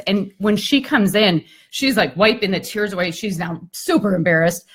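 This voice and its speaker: Woman telling an animated story. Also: mid-range voice, normal speed, hardly any pauses, slightly rough. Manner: animated, conversational storytelling with frequent "like" and "I mean". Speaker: keynote speaker and coach. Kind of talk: storytelling on a live video chat.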